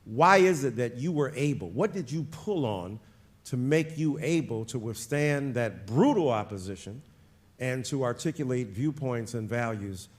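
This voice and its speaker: A man interviewing a guest on stage at an author event, animated and jokey, his voice jumping from loud bursts to quiet asides. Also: medium pitch, moderate pace. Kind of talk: lively on-stage conversation.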